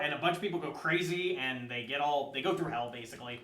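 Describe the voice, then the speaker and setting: A man co-hosting a casual live-streamed talk show, chatting in an animated way with sound effects and silly voices. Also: a little high, quick pace, reverberant, a crowd in the background. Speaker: podcast co-host. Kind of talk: casual chat.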